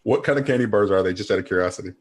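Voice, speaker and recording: A man running a tabletop game as game master, describing scenes in an unhurried, descriptive way. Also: on the low side.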